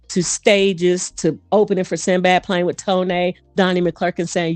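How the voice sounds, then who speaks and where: A woman guest, a voice coach and performer, speaking in an animated, fast storytelling manner in a casual interview. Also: on the low side, no echo, soft background music.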